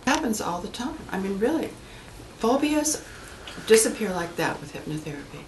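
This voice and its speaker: A woman hypnotherapist telling stories about her clients in a lively way, acting out the voices of the people in them. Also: mid-range voice, normal speed, echoey room, noisy background. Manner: animated storyteller acting out quoted voices. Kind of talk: anecdotal storytelling talk.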